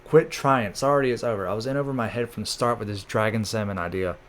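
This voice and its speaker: A man reading the lines of a gruff older male chef in a casual manga recap. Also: fairly low pitch, quick pace, fairly bright tone, close to an everyday voice.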